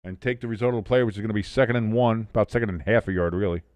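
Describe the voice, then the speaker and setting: A man hosting a live watch-along stream, calling the game play by play and reading out chat comments, with bursts of excitement on big plays. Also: fairly low pitch, very fast, clean tone, dry recording. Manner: swears casually.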